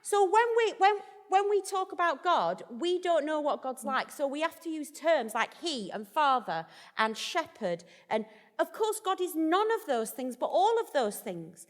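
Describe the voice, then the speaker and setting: A woman's voice: high-pitched, big pitch swings, unhurried, in a large hall. A woman vicar as the guest in a live stage conversation, chatty, jokey and self-deprecating. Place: festival event hall.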